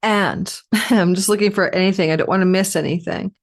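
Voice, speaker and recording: A woman's voice: mid-range voice, fairly even intonation, fairly quick. A woman from Canada giving an astrology forecast in a chatty way, piling up lists of words and dropping in asides.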